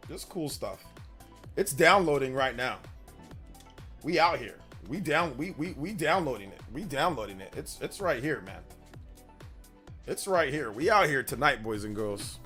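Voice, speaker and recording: A man's voice: mid-range voice, sing-song, a little slow, pauses often, sharp tone, faint music behind. A man in his thirties chatting casually with his live-stream audience, rambling and slangy, repeating himself. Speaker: streamer reading chat.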